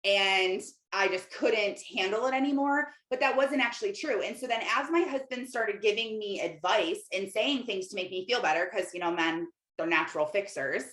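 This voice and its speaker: Here the same kind of speaker, a middle-aged Christian life coach on her podcast, sounds animated at medium pitch, moving at a normal pace with few pauses and a fairly bright timbre. She rambles through a loose, confessional talk full of fillers and self-quotations, recorded in an echoey room.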